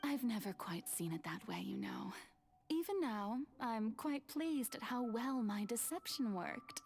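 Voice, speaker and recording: An ancient goddess who has schemed for centuries, heard in game cutscene dialogue. She speaks slowly and softly, her pitch sitting a little high. Each line comes out measured and confiding, almost hushed. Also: animated, soft background music. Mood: teasing. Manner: slow, measured, soft and confiding. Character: ancient scheming female goddess, calm and wistful.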